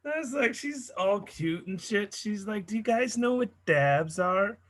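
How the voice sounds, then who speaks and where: A man's voice: sits high, expressive, a little slow, fairly bright tone. Crude, joking male comedy host. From Seattle area. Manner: crude, loose, laughing. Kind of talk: casual stand-up banter on a video call. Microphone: video call.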